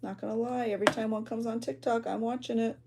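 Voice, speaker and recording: Amid heavy background noise, an adult woman with a child hosts a livestream as a junk journal creator, chatting casually while she crafts. She reads viewer comments aloud and reacts with gasps and exclamations. Her voice is a little high and steady in tone, fast, with vocal fry.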